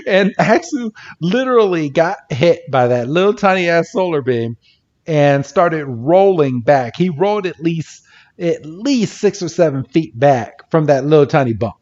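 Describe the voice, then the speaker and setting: A man co-hosts a podcast and recaps the story in a loose, swear-heavy way, breaking into laughs. He talks slowly in a slightly raised voice. The audio sounds a little dull and lo-fi. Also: fairly high pitch, expressive, a little mellow. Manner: swears freely, laughs often, acts out quotes. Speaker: podcast co-host. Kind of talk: casual episode recap.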